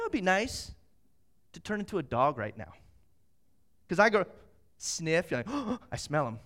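A middle-aged man preaching a sermon, moving from slow scripture reading to lively, animated storytelling. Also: high-pitched. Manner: animated storytelling, acts out quotes. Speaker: pastor.

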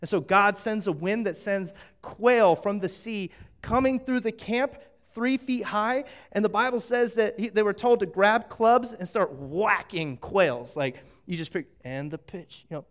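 A man preaches with a noticeably high voice. He tells the story casually, with jokes, and drops into quick acted-out lines along the way. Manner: animated, jokey, acting out quick asides. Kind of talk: sermon.

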